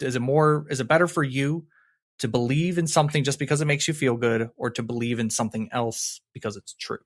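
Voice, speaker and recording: A man appearing as a podcast guest, talking bluntly and pressing with questions, quick to laugh. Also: mid-range voice. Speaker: podcast guest, atheist content creator. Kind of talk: casual conversation.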